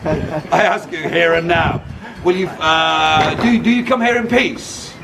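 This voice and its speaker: A man performs a comic costumed show at a castle gate, teasing the audience and leading shouted battle cries. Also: fairly high pitch, slow. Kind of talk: live comic crowd-work show. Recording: distant handheld recording with loud wind. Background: crowd of visitors and wind noise.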